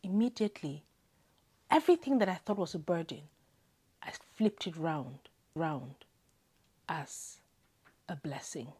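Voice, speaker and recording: A woman's voice: low-pitched, animated, a little slow, pauses often, mellow, slightly rough. A woman from Zimbabwe telling a heartfelt personal story to camera, tearful and often dropping to a whisper. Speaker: vlogger.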